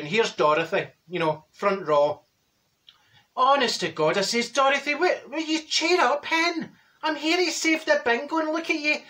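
A man's voice: high voice, sharp tone. Man doing a Glaswegian woman, straight-talking, gossipy, bossy, comic storyteller. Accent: Glaswegian Scottish. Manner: gossipy, bossy, acts out other people's voices. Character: chatty straight-talking Glasgow woman, people person. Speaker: comedy character. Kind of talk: comedy character monologue.

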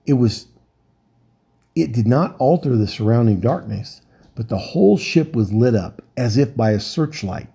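A man reading a children's novel aloud in calm, steady narration. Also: medium pitch, measured pace, creaky, husky. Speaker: volunteer reader.

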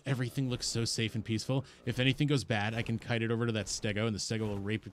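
A man streaming a game live while high, giving excitable, rambling commentary, swearing and talking to the creatures and his chat. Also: rapid-fire.

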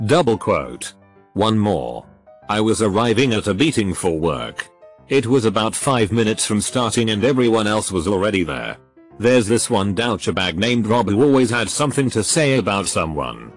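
A man reading reader-submitted stories aloud as scripted narration, saying the punctuation marks out loud in a flat delivery. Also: on the low side, normal speed, faint music behind.

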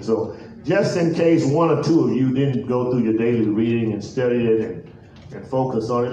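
A pastor preaching a sermon in a chanted, sing-song cadence. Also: male voice, mid-range voice, dark tone, far from the mic, dull audio. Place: large echoey church sanctuary. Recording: echoey church from afar, faint organ music.

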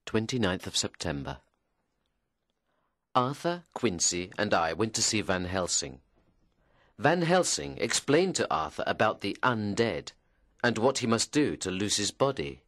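A man narrating a story in the first person, slow and measured. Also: on the low side, sing-song, a bit bright, dry recording, studio quality. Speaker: audiobook narrator.

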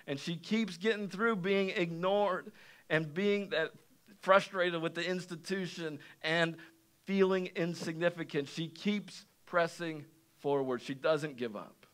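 A young man delivers a sermon from the pulpit, his voice bright and a touch higher than most. He speaks slowly and dramatically, letting some lines fall almost to a murmur and shouting others. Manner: animated storytelling, swings between quiet and shouting. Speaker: pastor. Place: church sanctuary.

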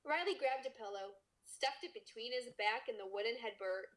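A woman reads a story aloud on her podcast in a relaxed, casual way. She giggles and trips over words as she goes. Her voice sits a little high. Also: normal speed. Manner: giggly, stumbles and jokes while reading. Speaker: podcast host reading a story. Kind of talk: casual read-aloud narration.

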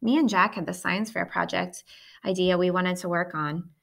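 A woman's voice: lowish voice, fairly even intonation, normal speed, vocal fry, fairly bright tone. A woman reading aloud, voicing a smirking, needling schoolboy classmate. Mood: pushy. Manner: needling, pushy.

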